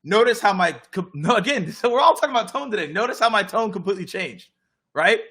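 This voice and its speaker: A young man, hosting a casual live Q&A and coaching viewers on sales calls in an energetic, direct way. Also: high voice, quick pace, husky.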